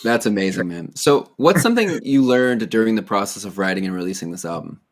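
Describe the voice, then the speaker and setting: A man's voice: on the low side, animated, a little fast. A man hosting an interview, reacting with short encouraging remarks and questions. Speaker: podcast host. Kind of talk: casual interview.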